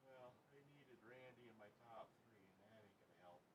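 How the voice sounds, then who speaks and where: A man's voice: lowish voice, brisk, slight background noise. A man who hosts a radio morning show, chatting casually and with opinions while watching a wrestling match with friends.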